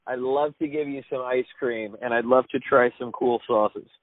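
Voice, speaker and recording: A man in casual conversation who talks haltingly with many fillers. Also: medium pitch, steady tone, dry recording. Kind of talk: casual chat. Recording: dry, tinny phone-like line.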